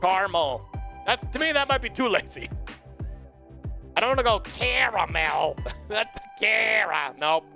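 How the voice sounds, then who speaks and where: Brief: a man playing an excitable puppet morning show host, giggly and playful, high and animated. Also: normal speed, long pauses, faint music behind, full character voice. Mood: silly. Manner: playful, giggly, wordplay-loving. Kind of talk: casual live-stream chat.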